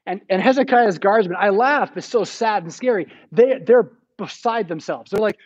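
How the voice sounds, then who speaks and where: A man's voice: high voice, normal speed, highs cut off. An American man preaching a sermon in a church, retelling the story casually and acting out the quotes.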